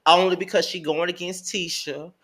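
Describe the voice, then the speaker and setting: Male gossip co-host, bright tone, lively and expressive delivery. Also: high voice, moderate pace. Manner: animated, swings between loud and soft. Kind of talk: casual gossip chat.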